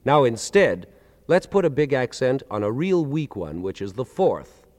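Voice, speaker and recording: Lively-voiced man lecturing in a reverberant hall. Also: medium pitch, a little slow. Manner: articulate, counts beats aloud with strong accents. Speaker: lecturer presenting with a band. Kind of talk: explanatory lecture with spoken demonstrations.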